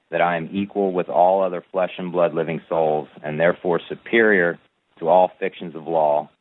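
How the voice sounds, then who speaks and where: A deep-voiced man reads a formal declaration in a slow, deliberate recitation, listing one phrase after another. His voice comes through a thin, tinny line that sounds like call-in radio. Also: no room sound. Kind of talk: reading a formal declaration aloud.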